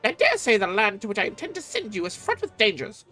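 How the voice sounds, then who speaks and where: A woman voicing a haughty, condescending scholar in a video game, with a crisp, disdainful delivery. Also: mid-range voice, huge pitch swings, fast, pushed and bright, soft background music. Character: haughty condescending scholar, sharp-tongued and superior.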